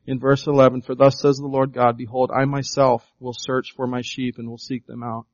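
A man's voice: mid-range voice, flat delivery, normal speed, a little mellow, no room sound, highs cut off. A man preaching a sermon as pastor, reading scripture aloud and pressing his points with rising emphasis.

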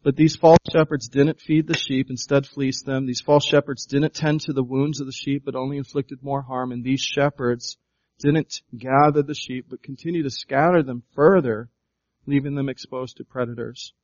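A man's voice: mid-range voice, fairly even intonation, moderate pace, darkish tone, dry recording, muffled recording. A man preaching a sermon as pastor, reading scripture aloud and pressing his points with rising emphasis.

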